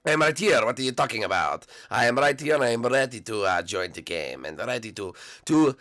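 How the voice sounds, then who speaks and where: A man voicing a grumpy, blunt male turtle-like character in a low, gruff manner. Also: lively intonation, a little fast, a bit bright, close to an everyday voice.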